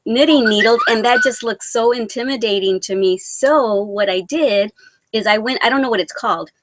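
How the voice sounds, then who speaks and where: On a relaxed live stream, a woman with a medium-pitched voice reads out viewer comments, laughing frequently. Her talk rambles, full of fillers and false starts. There's no echo on the recording.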